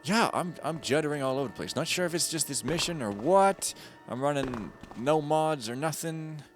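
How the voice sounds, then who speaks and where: A man's voice: a little high, expressive, normal speed, soft background music. Rambling, jokey gamer man. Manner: rambling, jokey, swings between loud bursts and mumbling. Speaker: gaming streamer. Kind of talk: casual let's-play commentary. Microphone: close desk mic.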